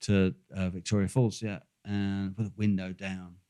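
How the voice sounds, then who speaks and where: A man's voice: sits low, level tone, normal speed, dark tone, clear, resonant tone. An older man telling a long, rambling travel story in casual chat, swearing freely and full of fillers. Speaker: podcast co-host.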